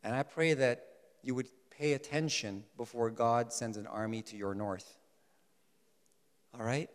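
A man preaching a sermon in an animated way, swinging between loud emphasis and soft asides. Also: mid-range voice, unhurried, long pauses. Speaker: pastor. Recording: long hall reverb.

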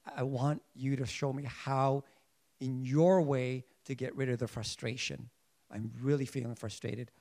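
A man preaching a sermon in an earnest way, often restarting his sentences as he searches for words, sometimes rising in emphasis and sometimes going quiet. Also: medium pitch, steady tone, measured pace.

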